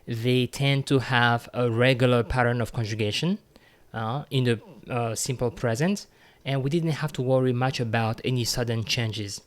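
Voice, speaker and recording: A man's voice: medium pitch, moderate pace. A man teaching a grammar lesson as a teacher, explaining patiently step by step, with filler words and repeats. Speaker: French teacher.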